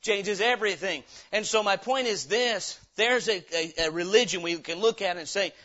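A man preaching in a high, bright voice, pressing his points hard and tossing questions out to the congregation. The recording is dull and lo-fi, like an old church tape. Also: moderate pace. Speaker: pastor. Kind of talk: sermon, Bible teaching.

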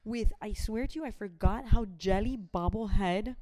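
A woman's voice: medium pitch, moderate pace, dark tone. A young woman, chatting animatedly and dropping in Spanish phrases. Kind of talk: casual chat.

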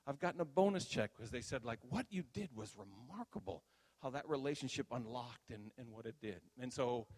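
An older man, a minister, giving a conversational sermon testimony and telling stories that grow animated at the high points. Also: long reverb tail.

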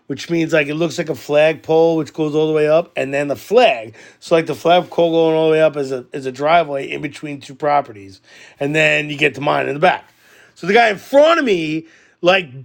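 A man, co-hosting a podcast and telling a story in casual chat, animated and swearing a lot. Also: fairly high pitch, gravelly. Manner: animated, swears a lot, loudly acts out quoted arguments. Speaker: podcast co-host.

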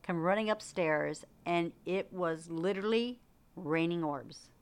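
A middle-aged woman co-hosting a podcast, telling a ghost story in a casual, animated way with laughs and acted-out quotes. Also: on the low side, a little slow, clear, resonant tone. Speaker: podcast co-host.

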